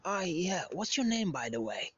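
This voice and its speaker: A man's voice: high voice, very animated, moderate pace, fairly bright tone, highs cut off, pitched above the performer's own voice. Brief: a man doing a chatty young woman who forgets names, flustered, voice lifted, slight hiss behind. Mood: sheepish.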